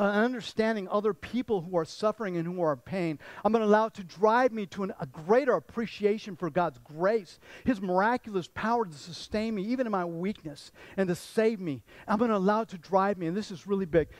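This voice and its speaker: A man's voice: high voice, a little fast, hardly any pauses, no echo, poor audio. A man pastor giving a conversational sermon, often repeating words and restarting sentences.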